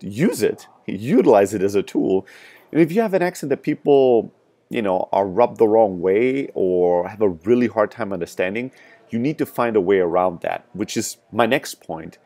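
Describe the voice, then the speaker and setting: With a fairly low, slightly mellow voice and a strong European accent, a man who founded a sales startup speaks to camera in a motivational talk. His advice is frank and emphatic, punctuated by frequent "right?" asides.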